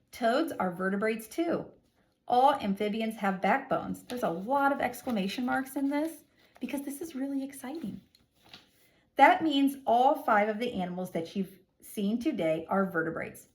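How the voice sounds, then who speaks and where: A woman teacher leads a read-aloud lesson for young children, speaking at a middle pitch. She reads in a lively, sing-song way and stresses words heavily to hold the class's attention. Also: slight background noise. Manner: expressive, sing-song reading with exaggerated emphasis for young students.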